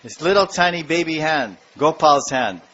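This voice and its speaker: A man giving a devotional lecture, telling stories in an animated way and acting out the scenes. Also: fairly high pitch, normal speed, slight background noise. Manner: animated storytelling, acts out scenes. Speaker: spiritual lecturer. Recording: dull lo-fi lecture recording.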